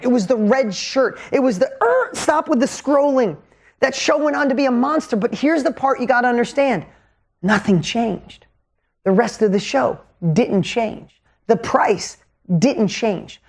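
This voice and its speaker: A man in his fifties telling a business story as a motivational coach, energetic and emphatic, his pitch swinging widely to drive points home.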